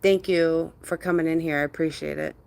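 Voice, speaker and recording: A woman's voice: deep voice, steady tone, fairly quick, gravelly, darkish tone. A woman hosting a casual livestream, greeting viewers by name, laughing often and mimicking others in quotes. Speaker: livestream host. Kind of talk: casual live-stream chat with viewers.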